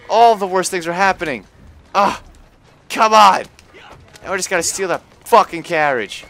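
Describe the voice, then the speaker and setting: A man giving live gameplay commentary on a stream, often frustrated and cursing with loud outbursts. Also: sits high, moderate pace. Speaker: gaming livestreamer.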